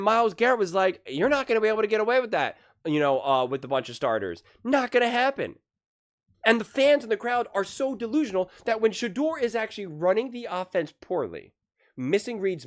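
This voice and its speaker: A sports commentary channel host giving heated, opinionated commentary, stressing points by repeating key phrases. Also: mid-range voice.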